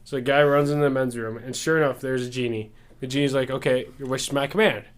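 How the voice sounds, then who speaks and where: A man's voice: medium pitch, steady tone, quick pace. A young man co-hosting a podcast, telling jokes in casual chat and laughing as he goes. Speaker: podcast co-host.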